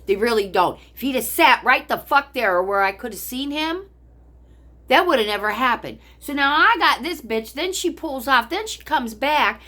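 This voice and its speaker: A woman's voice: high voice, expressive, normal speed, pushed and bright. An older woman vlogger telling a story angrily, in a heated, profane rant. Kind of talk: angry personal storytelling.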